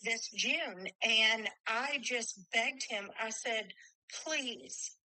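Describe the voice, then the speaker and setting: A woman's voice: on the high side, takes it slowly, pushed and bright, no echo, poor audio. A middle-aged woman telling stories bluntly in casual conversation. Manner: blunt, storytelling with quoted dialogue.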